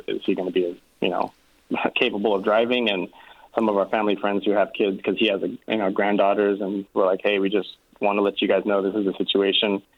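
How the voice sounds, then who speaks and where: A man calling in to an advice show, hesitant and filling his speech with ums. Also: lowish voice. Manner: hesitant, many fillers. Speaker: caller. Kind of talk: phone call to a talk show. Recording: muffled phone line.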